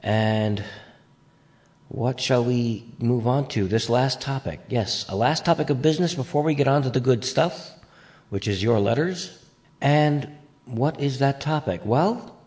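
A man's voice: mid-range voice, darkish tone. A man hosting a podcast in casual chat, rambling with playful asides, recorded on a home mic. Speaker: podcast host.

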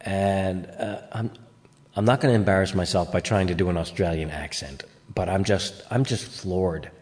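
A man's voice: sits low, normal speed, darkish tone. A man hosting a podcast in casual chat, rambling with playful asides, recorded on a home mic. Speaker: podcast host.

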